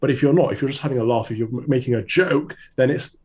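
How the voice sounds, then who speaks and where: A man's voice: medium pitch, fast, darkish tone. A man appearing as a commentator guest on a radio debate, arguing in an assured, argumentative way. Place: remote link.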